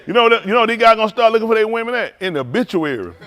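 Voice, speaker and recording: This preacher's voice sits high and sounds fairly bright, with a sing-song, rapid-fire delivery. His sermon is full of jokes and laughter, with call-and-response to the congregation and loose, rambling phrasing that keeps restarting.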